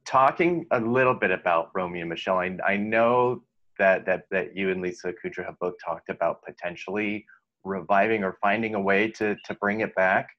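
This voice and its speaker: Interviewer, man, very low voice, admiring and halting, muffled recording. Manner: admiring, hesitant with restarts.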